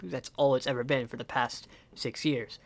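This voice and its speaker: A man's voice: medium pitch, steady tone, normal speed, gravelly. A young man giving casual reaction commentary on a music video, passionate and swearing a lot, repeating himself as he rambles, emotional and close to tears. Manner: passionate, profane, repetitive and rambling.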